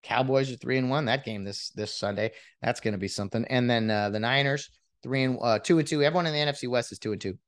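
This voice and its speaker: A man's voice: medium pitch, quick pace. A man in a casual sports rant, exasperated and mocking, often restarting his sentences as he vents as a fan. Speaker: sports commentator venting as a fan.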